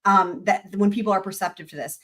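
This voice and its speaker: A woman's voice: mid-range voice, quick pace, a bit bright. A woman hosting a live stream, reacting to a court clip in blunt, rambling casual commentary full of fillers. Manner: blunt, rambling, uses many fillers and swears.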